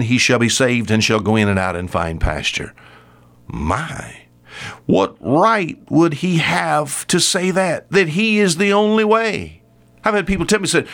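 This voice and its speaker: Male preacher, radio sermon; emphatic, sweeping pitch, drops low and soft for weight. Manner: emphatic, sweeping pitch, dropping low and quiet on key points.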